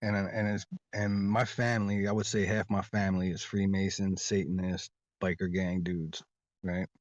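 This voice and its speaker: A man's voice: low-pitched, level tone, normal speed, no room sound, lo-fi sound. A man talking casually as an interview guest, rambling and insistent, often repeating his words as he tells a long story.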